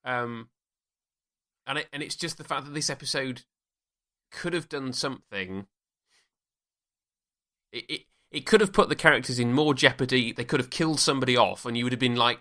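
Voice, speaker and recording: A man's voice: medium pitch, fairly quick, bright, forceful tone. A man co-hosting a podcast, chatting casually about a TV episode with frequent restarts and laughs. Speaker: podcast co-host. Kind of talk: casual chat.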